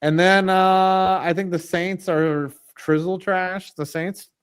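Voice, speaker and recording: A man's voice: sits high, fairly even intonation, takes it slowly, clear, resonant tone. A man co-hosting a casual sports podcast, blunt and jokey, with frequent swearing. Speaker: co-host.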